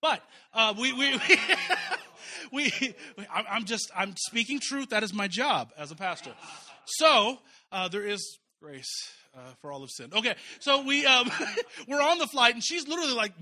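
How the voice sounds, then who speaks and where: A middle-aged pastor from Kansas City, telling a joking story in a casual sermon, full of fillers and restarts. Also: male voice, very high-pitched, animated, unhurried, bright, forceful tone. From Kansas City, US Midwest.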